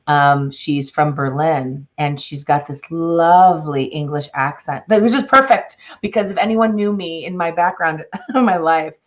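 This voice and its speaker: Low-voiced Chicago woman, expressive author. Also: measured pace, few pauses, dull audio. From Chicago, Illinois. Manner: expressive, animated, laughs often. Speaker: author and guest. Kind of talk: interview conversation and reading aloud.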